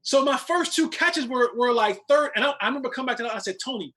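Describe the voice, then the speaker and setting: A man's voice: extremely high pitch, expressive, quick pace, crowd noise. A man, a former football player, telling a long story as a guest in casual chat, restarting and repeating words as he goes.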